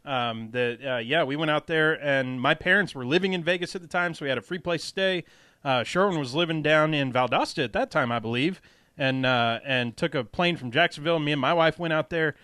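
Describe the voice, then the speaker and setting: A chatty podcast host, a man with a fairly high voice who tells rambling stories and laughs a lot. His sound is close and dry, with no room around it. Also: brisk, sharp tone, clear, resonant tone, no echo. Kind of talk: casual chat.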